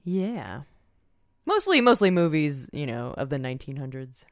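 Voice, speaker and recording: Low-voiced, animated woman telling a story. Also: moderate pace, no echo, studio quality. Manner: wry, storytelling, giggly. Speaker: podcast co-host. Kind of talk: casual chat.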